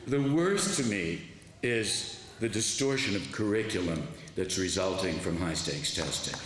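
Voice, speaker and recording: A man's voice: low-pitched, expressive, measured pace, fairly bright tone. A man in his seventies, an author and former teacher, giving a public lecture and telling stories in an impassioned way. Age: 70s. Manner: impassioned, tells stories with quoted dialogue. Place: large lecture hall with an audience. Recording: echoey hall, faint background noise.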